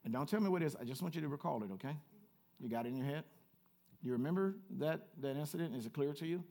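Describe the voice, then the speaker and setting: A man preaching a sermon as pastor, swinging from quiet asides to loud repeated calls and chatting with the congregation. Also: fairly high pitch, quick pace. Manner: chatty with the congregation, laughs at himself. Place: church.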